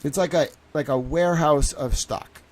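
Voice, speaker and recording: A man's voice: a little high, moderate pace, a little mellow, slight background noise. A man talking in a casual livestream monologue, rambling and self-assured, swearing often and jumping between thoughts. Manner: restless, with many fillers and restarts. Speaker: streamer and citizen investigator.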